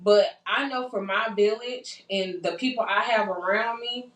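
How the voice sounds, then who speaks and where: A woman's voice: medium pitch, moderate pace. A young woman hosting a podcast in casual chat, earnest and encouraging, often repeating herself for emphasis. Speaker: podcast host. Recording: roomy sound from a distant mic.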